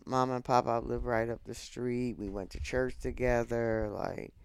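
A woman in her seventies, a guest in casual podcast chat, recalling family holidays in a calm, matter-of-fact way. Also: extremely low pitch, unhurried, creaky, clear, resonant tone, no echo. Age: 70s. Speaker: podcast guest, mother of the host.

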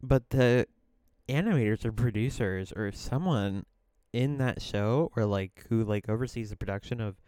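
Rambling casual man, smooth voice. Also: fairly low pitch, normal speed, darkish tone, dry recording, studio quality. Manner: rambling, full of "like" and restarts, laughs often. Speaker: podcast co-host. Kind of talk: casual chat.

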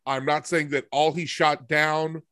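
Middle-aged podcast guy, kinda high voice, states things firmly, dry sound. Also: little pitch movement, measured pace, a bit bright, clean tone, no room sound. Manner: emphatic, hedges then asserts. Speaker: podcast co-host. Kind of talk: casual chat.

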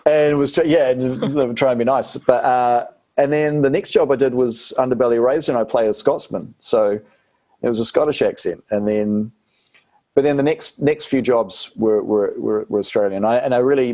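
A man's voice: mid-range voice, steady tone, normal speed, warm tone. A man from New Zealand with a New Zealand accent, an actor chatting casually as an interview guest, rambling with fillers and restarts.

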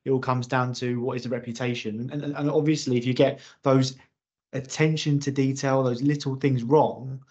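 Male podcast host, friendly questions, middle pitch. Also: fairly even intonation, moderate pace, darkish tone, breathy edge. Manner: affirming, restarts words often. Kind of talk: casual interview hosting. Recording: slightly dull lo-fi sound.

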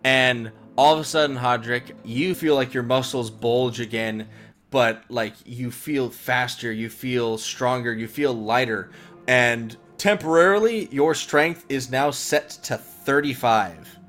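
Young man, game master, rambling narration, casual fillers, average pitch. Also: measured pace, fairly bright tone, faint music behind.

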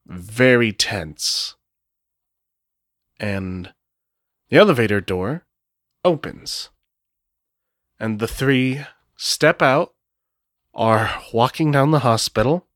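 Casual, swearing game-master narrator. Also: male voice, mid-range voice, a bit bright, no room sound, studio quality. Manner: casual, swearing, thinking aloud. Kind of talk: narrating a solo tabletop role-playing game.

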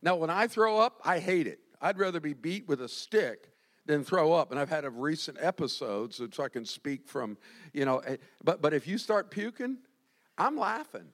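A man's voice: a little high, expressive, moderate pace, fairly bright tone. A male pastor from Florida preaching a sermon, telling stories animatedly with self-deprecating humor.

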